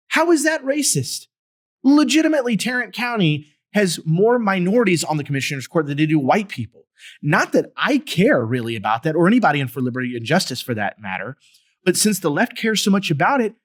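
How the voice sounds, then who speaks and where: A man hosting a podcast, giving solo political commentary in an emphatic, animated way with sarcastic asides. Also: high voice, a little fast. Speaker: podcast host.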